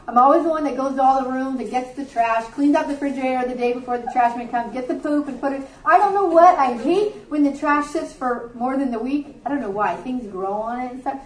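A woman's voice: sits high, reverberant, far from the mic, rough recording. A middle-aged woman giving a sermon to a group, earnest and conversational, with offhand asides. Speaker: Bible teacher. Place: warm room with a group.

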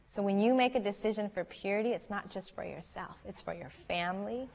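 A woman's voice: mid-range voice, fairly quick, creaky, long reverb tail, lo-fi sound. A woman giving an earnest, chatty sermon to young people, telling stories as she goes. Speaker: youth speaker.

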